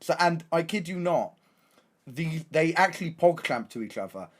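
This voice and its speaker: Animated young English man telling a tale. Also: fairly high pitch, normal speed. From England. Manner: excitable, slangy, lots of restarts. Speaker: streamer. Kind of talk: casual storytelling.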